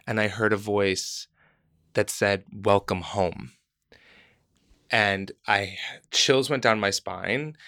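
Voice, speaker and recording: A man's voice: fairly low pitch, clear, resonant tone, no room sound, clean studio sound. A man casually telling a long personal story, acting out the voices of people in it. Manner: animated, acts out quoted voices.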